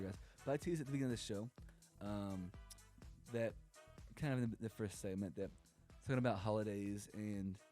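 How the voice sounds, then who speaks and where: With a lowish, dark voice, a young podcast co-host talks casually in a comedic monologue. He jokes and rambles, acting out the voices he quotes.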